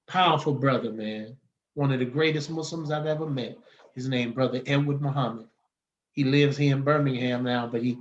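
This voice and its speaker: A man, telling stories as a podcast guest in a lively, casual way and acting out the people he quotes. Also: mid-range voice, highs cut off, a little hiss or hum. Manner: animated, acts out the people he quotes, laughs often. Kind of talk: casual storytelling.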